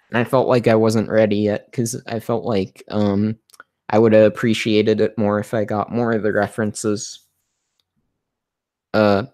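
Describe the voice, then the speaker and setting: Male livestream host, low-pitched and hoarse, halting delivery, dry close recording. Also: darkish tone, no echo. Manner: halting, many fillers and restarts. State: losing his voice. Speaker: livestream host answering viewer questions. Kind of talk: casual livestream chat.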